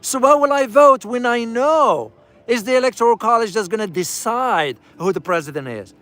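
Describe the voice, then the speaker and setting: Emphatic high-voiced man vlogging on the move. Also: moderate pace, a bit bright. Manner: emphatic, repeats key phrases for stress; speaks directly to viewers as "guys". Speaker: travel vlogger and commentator. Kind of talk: casual live-streamed travel commentary.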